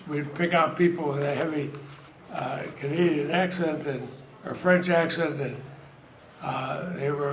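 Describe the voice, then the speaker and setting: A man's voice: on the high side, steady tone, unhurried, fairly bright tone. An older man, giving a folksy, anecdotal speech at a party event and chuckling through his stories. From Vermont, US. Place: event hall. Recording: echoey hall with crowd noise.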